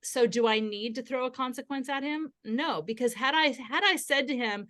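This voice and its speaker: A woman guest on a podcast interview, explaining parenting ideas in a steady, instructive way. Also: high voice, normal speed, few pauses. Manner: acts out gentle parent quotes.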